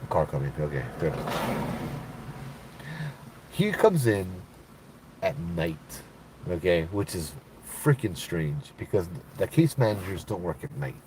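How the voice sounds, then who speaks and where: A man with a very deep voice tells a ghost story in a loose, conversational way. He keeps checking in with the listener as he goes. A faint ambient hum sits behind him. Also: sing-song, a little slow, long pauses. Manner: conversational, frequent "you know" and "right?". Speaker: storyteller, former mental health worker. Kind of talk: casual spoken ghost story.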